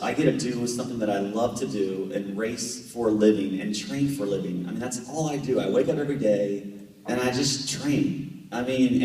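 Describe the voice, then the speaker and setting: Casting: thirties man, animated storyteller, recorded from far off in a reverberant hall. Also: mid-range voice. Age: 30s. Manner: chatty, jokey, animated anecdotes. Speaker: Olympic triathlete guest speaker. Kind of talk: storytelling talk to a club. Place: meeting room. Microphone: far camera. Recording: echoey room from far off.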